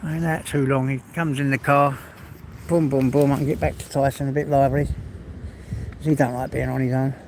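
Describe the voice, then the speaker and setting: A man's voice: medium pitch, little pitch movement, moderate pace, noisy background. An English man hosting a casual outdoor livestream chat, slightly out of breath, rambling and down-to-earth. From England. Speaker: livestream host. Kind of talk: casual walk-and-talk chat.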